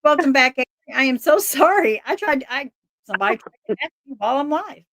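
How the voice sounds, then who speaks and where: A woman hosts a casual live stream in a high, bright-pitched voice. She rambles excitably and laughs often, and her voice sounds dry and close with no room echo. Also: fast talker. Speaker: livestream host.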